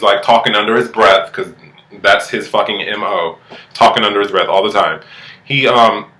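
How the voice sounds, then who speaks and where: A man rattles through a reality TV recap in a bright, forceful voice, sassy and full of swearing. His voice bounces around an echoey room. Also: on the low side. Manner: profane, animated, sassy. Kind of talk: casual recap commentary.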